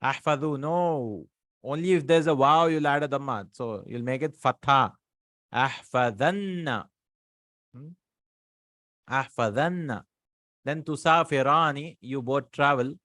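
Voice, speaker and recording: A man's voice: medium pitch, measured pace, fairly bright tone, no echo, studio quality. A man teaching Arabic grammar, working through exercises and repeating each word form aloud. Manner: patient, drills words aloud, asks and answers himself.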